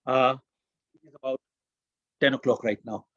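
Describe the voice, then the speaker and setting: A man from India giving a motivational webinar, telling stories and acting out the quotes with lively emphasis. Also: mid-range voice, moderate pace, no echo, muffled recording. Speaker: webinar presenter.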